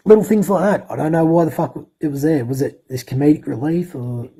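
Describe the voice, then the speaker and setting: A man's voice: a little high, brisk, dark tone, slightly rough, low-quality recording. A man rambling through a casual, profane film review as a podcast co-host. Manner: rambling, sweary, enthusiastic.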